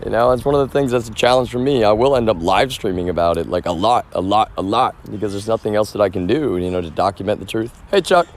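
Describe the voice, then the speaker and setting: A man's voice: on the low side, fast, few pauses, slight background noise. A man live streaming outdoors from a front yard, talking to his viewers in an agitated, rambling way full of swearing. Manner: agitated, rambling, profane, addresses viewers as y'all.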